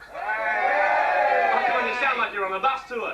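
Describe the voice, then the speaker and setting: A man's voice: extremely high pitch, measured pace, very noisy. A young Australian man doing brash, crude, mocking stand-up crowd work on a pub stage. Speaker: comedian. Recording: echoey pub from a far camera.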